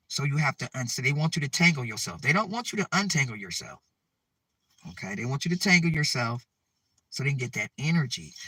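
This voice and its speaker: A man's voice: mid-range voice, bright, forceful tone, husky, no room sound, far from the mic. A man giving a preachy spiritual monologue to his viewers, repeating himself urgently and checking in with "okay?". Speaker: spiritual advice channel host.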